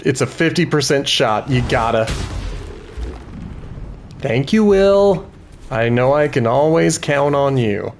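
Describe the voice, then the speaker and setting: A man's voice: mid-range voice, normal speed, vocal fry, hardly any pauses, slight background noise. A man giving let's-play commentary, thinking aloud about tactics and cheering on his party members. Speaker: gaming video host.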